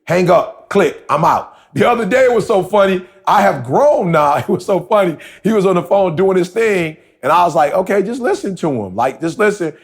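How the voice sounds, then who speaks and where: A man's voice: sits high, expressive, moderate pace, few pauses, breathy edge. A man co-hosting a podcast, telling a story in casual talk and repeating himself as he goes. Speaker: podcast co-host.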